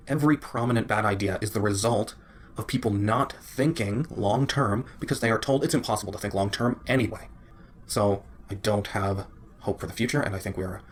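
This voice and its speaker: A man's voice: mid-range voice, slightly rough. A man delivering a contemptuous, lecturing monologue, played back sped up to double speed. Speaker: video commentator.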